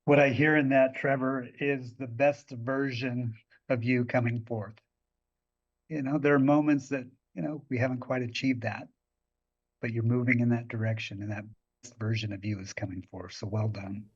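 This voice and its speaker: A man speaking in a warm, affirming way on a podcast. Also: medium pitch, steady tone, moderate pace, husky. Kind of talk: encouraging podcast conversation. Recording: distant, dull lo-fi sound.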